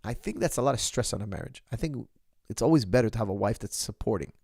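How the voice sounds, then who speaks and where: Gravelly-voiced man coach talking to viewers. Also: fairly low pitch, animated, quick pace, a little mellow, no room sound, clean studio sound. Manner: opinionated, addresses viewers as "guys", restarts often. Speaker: martial arts coach. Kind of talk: casual monologue to viewers.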